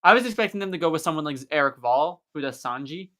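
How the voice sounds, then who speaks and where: Bright-voiced man hosting an eager chat. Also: on the high side, lively intonation, fast talker. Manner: eager, talkative, explains at length. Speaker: host. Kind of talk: casual live stream chat.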